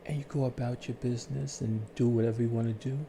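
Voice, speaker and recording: A man calmly telling his life story on his own channel, in a soothing, unhurried way with pauses. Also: medium pitch, vocal fry, slight background noise. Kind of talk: slow reflective storytelling.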